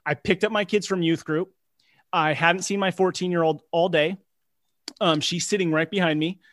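A man hosting a casual podcast talk in a slightly high voice. He sounds earnest and encouraging as he steers the conversation. The recording is dry, with no room sound. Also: steady tone, normal speed, fairly bright tone, no echo. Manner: earnest, encouraging, leads the discussion. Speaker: podcast host.

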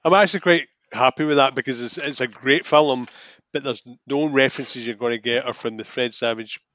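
A man's voice: medium pitch, brisk, fairly bright tone, dry recording. A man co-hosting a film podcast, talking in eager, run-on casual chat. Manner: chatty, enthusiastic, talks in run-on thoughts. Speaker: podcast co-host.

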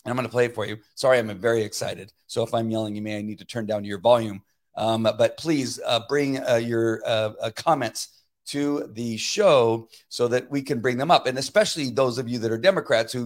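Emphatic man hosting a livestream. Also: mid-range voice. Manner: emphatic, repetitive, many fillers and restarts; mutters to himself while fixing technical problems. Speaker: livestream political commentary host. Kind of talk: casual livestream commentary.

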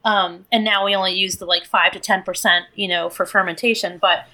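A woman's voice: mid-range voice, fairly even intonation, fairly quick, bright, forceful tone. A woman co-hosting a casual podcast, chatty and inquisitive about whiskey. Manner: chatty, inquisitive, laughs easily. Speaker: podcast co-host, whiskey enthusiast.

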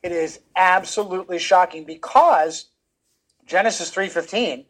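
Male guest, high-pitched voice, emphatic, repeats words for stress, interview talk. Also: a little slow, fairly bright tone. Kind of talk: animated conversational interview.

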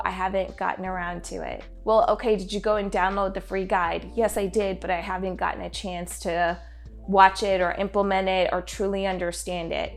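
A woman hosting her own podcast, talking candidly and conversationally as a business consultant, often tossing in "right?" and light laughs. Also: medium pitch. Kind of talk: casual solo podcast monologue.

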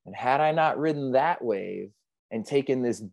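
A man's voice: medium pitch, animated, normal speed, gravelly, a little mellow, dry recording. A man, a surfer guest on an interview podcast, retelling a near-drowning in a vivid, earnest and reflective way. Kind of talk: emotional storytelling in an interview.

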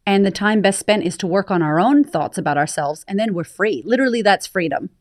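A woman's voice: mid-range voice, lively intonation, fairly quick, no echo, studio quality. A woman talking openly and emphatically as a guest on an interview podcast, telling her story. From United States. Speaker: podcast guest, confidence coach. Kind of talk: candid interview conversation.

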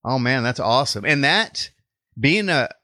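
A man's voice: mid-range voice, lively intonation, moderate pace, sharp tone, no room sound, clean studio sound. A man with a Texas accent hosting a faith podcast interview, upbeat and welcoming. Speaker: podcast host and life coach.

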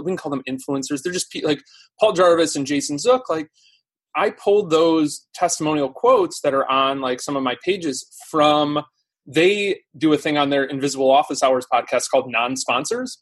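A man as a podcast guest in casual live-stream chat, telling stories quickly and animatedly with lots of fillers. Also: a little high, a bit bright. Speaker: podcast guest, SEO teacher.

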